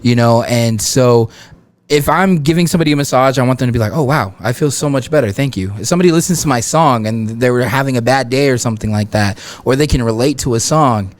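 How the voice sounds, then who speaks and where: A man's voice: mid-range voice, quick pace, no room sound. A young man in his twenties from El Paso, a guest singer chatting casually and laughing often. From El Paso, Texas. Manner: laid-back, laughs often, many fillers. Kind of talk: casual podcast chat.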